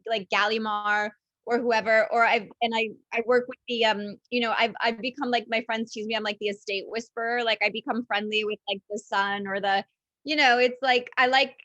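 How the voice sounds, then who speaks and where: A woman's voice: fairly high pitch, fairly even intonation, normal speed, fairly bright tone, dry recording, highs cut off. A woman writer being interviewed, talking in a loose, rambling way with frequent fillers and light teasing. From United States. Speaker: author guest. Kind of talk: casual interview chat.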